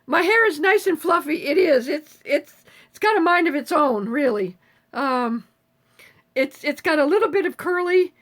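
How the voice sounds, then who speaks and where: A woman in her seventies with a very high, lively voice, chatting casually as she answers viewers on a live stream. She talks in a salty, easygoing way and swears freely. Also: moderate pace. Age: 70s.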